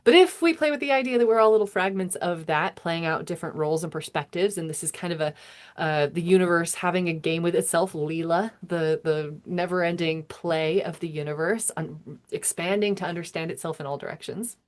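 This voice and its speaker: Woman astrologer in her thirties, slightly low voice, casual wandering monologue that interrupts itself and chuckles. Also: fairly quick. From United States. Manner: meandering, self-interrupting, chuckling.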